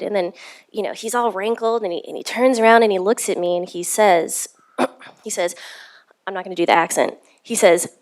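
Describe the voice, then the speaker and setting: A woman's voice: medium pitch, expressive, moderate pace. Reflective woman neuroscientist on a panel. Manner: conversational, ends points with "right?". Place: panel event in a university learning theater.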